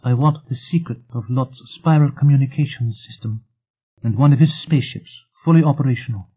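A man's voice: mid-range voice, brisk, breathy edge, voice pushed up, natural voice. A man reading a defiant young woman with a clipped, coldly challenging manner, in an audiobook. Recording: tinny phone-like sound.

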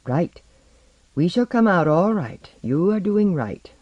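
A reader voicing a calm, compassionate female counselor who speaks softly and soothingly. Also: medium pitch, slow pace, no echo, lo-fi sound, voice pushed up. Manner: soft, composed and soothing. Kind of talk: audiobook character voice.

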